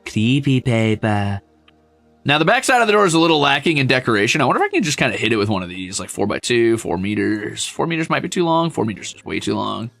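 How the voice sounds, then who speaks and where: A man streaming a zoo-building game, chatting casually with his viewers, animated and self-mocking, swearing freely. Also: mid-range voice, very fast, gravelly, few pauses, dry recording, faint music behind.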